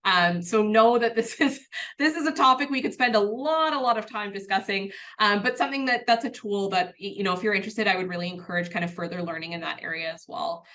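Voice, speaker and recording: Bright-voiced woman presenting a webinar. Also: medium pitch, quick pace. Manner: conversational, earnest, a bit self-deprecating. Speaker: workplace training presenter. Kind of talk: training webinar.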